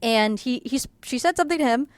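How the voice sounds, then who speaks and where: A woman's voice: a little high, animated, fast, clean tone, no room sound. An American woman telling a rambling story casually, with lots of fillers. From United States. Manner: chatty, rambling with many fillers, laughs through the telling. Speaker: artist vlogger.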